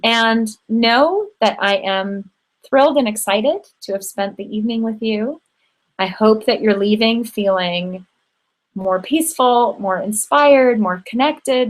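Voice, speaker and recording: A woman's voice: fairly high pitch, poor audio. A middle-aged woman hosting an online women's circle, wrapping up with encouraging, affectionate remarks and frequent ums, speaking into a computer mic. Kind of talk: warm closing remarks to a live online group.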